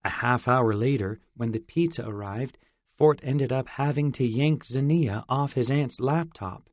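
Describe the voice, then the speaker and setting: A man narrating a novel in an even storytelling manner. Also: mid-range voice, unhurried, no echo. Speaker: audiobook narrator. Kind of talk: scripted narration.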